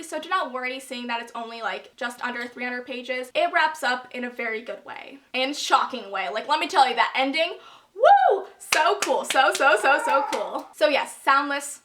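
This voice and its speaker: A woman's voice: high-pitched, sharp tone. A young woman hosting a casual book review vlog, talking in a bubbly, gushing, emphatic way. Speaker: book reviewer and channel host.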